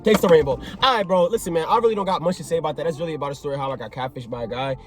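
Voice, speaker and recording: Excitable young man telling a storytime. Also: a little high, very fast. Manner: excitable, acts out both sides of the conversation, lots of slang. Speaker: vlogger. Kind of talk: animated storytime vlog.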